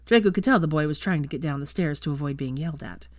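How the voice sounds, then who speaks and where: A woman reading fan fiction aloud as steady audiobook narration. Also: low voice, fast, no echo, clean studio sound.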